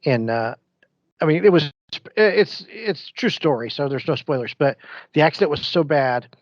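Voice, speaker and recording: A man, co-hosting a podcast and telling stories in casual, animated chat. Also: fairly high pitch, moderate pace, no echo, highs cut off. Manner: rambling, animated storyteller. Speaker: podcast co-host.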